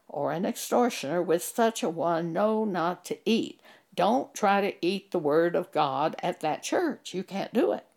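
A woman's voice: on the low side, gravelly, darkish tone. An older woman giving an earnest, emphatic Bible teaching, quoting scripture and telling of her own church experiences.

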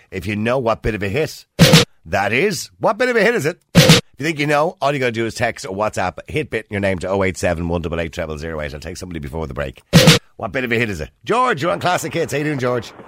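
A man's voice: fairly low pitch, brisk, a little hiss or hum. A man in his fifties with an Irish accent, hosting a casual phone-in radio show, joking and laughing often. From Ireland. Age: 50s. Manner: jokey, laughs often, animated. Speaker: radio host.

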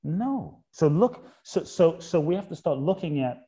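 Mellow-voiced man, lively reflective questioning. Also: a little high. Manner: poses repeated rhetorical questions; drops soft and slow on key points. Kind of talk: reflective spiritual conversation.

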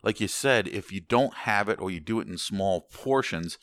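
A man's voice: lowish voice, animated, normal speed, a bit bright. An American man in casual chat, rambling with frequent restarts and casual swearing. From United States.

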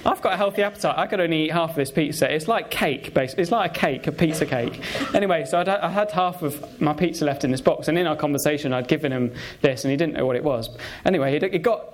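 A man preaches in a relaxed, conversational way. He pauses often and restarts his phrases, with lots of fillers. His voice sits a little higher than most men's. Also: a little hiss or hum. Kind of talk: sermon with personal stories.

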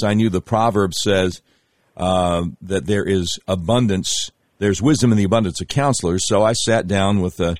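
Man, low voice, rambling storyteller, many ums and uhs, casual interview guest. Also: no echo, clean studio sound. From Arkansas. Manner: rambling, storytelling with hesitant fillers. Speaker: guest, candidate for governor.

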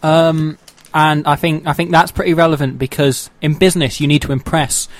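A man's voice: a little high, level tone, normal speed, dry recording, lightly acted. A man putting on a thick Sheffield accent. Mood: boastful. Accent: Sheffield, Northern English (put on). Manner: hesitant, rambling. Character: thickly Northern-accented female athlete, boastful. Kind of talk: improv comedy.

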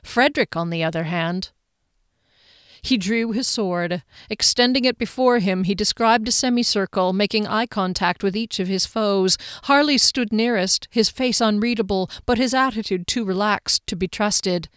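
A woman narrating a fantasy novel in a steady, expressive reading. Her voice sits at a middle pitch. The recording is dry and close, with no room sound. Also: moderate pace, clean tone, dry recording. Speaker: audiobook narrator. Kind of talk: scripted narration.

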